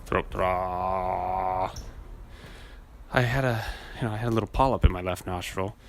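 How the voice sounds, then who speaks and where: A man's voice: lowish voice, racing. Rambling, profane man on a podcast. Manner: rambling, profane storytelling with acted-out quotes. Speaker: podcast host. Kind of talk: casual chat.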